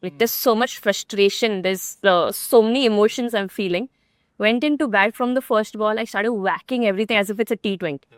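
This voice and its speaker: A woman's voice: medium pitch, no room sound, clean studio sound. A young woman with an Indian accent, a guest telling her personal story candidly and earnestly in an interview. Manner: rapid, earnest retelling with quoted dialogue. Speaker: guest cricketer.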